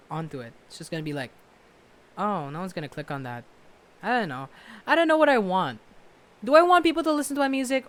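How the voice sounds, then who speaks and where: A young man vlogging casually from his bedroom to a laptop camera, rambling loudly and poking fun at himself. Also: high-pitched. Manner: rambling, self-mocking, loud. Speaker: vlogger and musician. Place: bedroom at home. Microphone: webcam or laptop camera.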